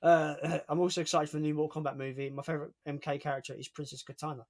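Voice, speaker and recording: A man's voice: on the high side, flat delivery, quick pace, a little mellow. Chatty man hosting a livestream. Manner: chatty, reads out viewer comments. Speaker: livestream host. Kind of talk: casual chat.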